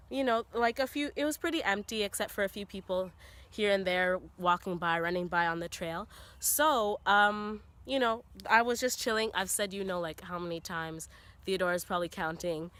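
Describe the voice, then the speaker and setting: A woman's voice: mid-range voice, moderate pace, no echo. A young woman tells a story outdoors in a forest, recorded on a camera on a tripod. She talks casually and fills her sentences with "you know" and "like", and her voice rises as the story builds. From Canada. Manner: chatty, heavy on "you know" and "like"; animated, voice rising as the story builds. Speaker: vlogger telling a story.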